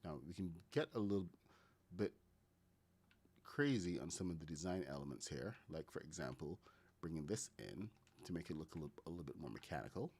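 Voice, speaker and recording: Deep-voiced Caribbean man streaming. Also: big pitch swings, a little fast, a little mellow, husky. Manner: thinks aloud, talks to chat while building. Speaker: gaming streamer. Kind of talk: casual building tutorial commentary.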